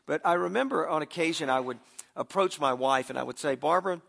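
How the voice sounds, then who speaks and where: Gravelly-voiced middle-aged male pastor. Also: on the high side, fast, a bit bright. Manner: conversational, repeats words when starting sentences. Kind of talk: sermon.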